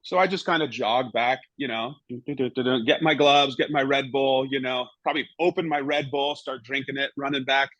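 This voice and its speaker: A former goalkeeper in middle age, appearing as a podcast guest, tells loose, rambling anecdotes at a brisk clip with hardly any pauses. His medium-pitched voice is steady and a touch bright, and he keeps slipping in "you know" and "right?". The recording is dry, with dull audio.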